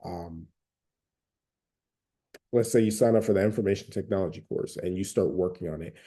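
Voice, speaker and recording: A man's voice: sits low, moderate pace, dark tone. A man from Atlanta with a Southern accent, giving casual, conversational advice about recovering from a habit, with many fillers and hedges. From Atlanta, Georgia.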